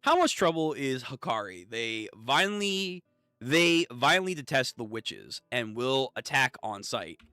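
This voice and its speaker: A man hosting a casual reaction read-through of manga, excitable and swearing, reading lines aloud. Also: mid-range voice, unhurried, clean tone, no room sound, clean studio sound, soft background music. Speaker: channel host reading manga.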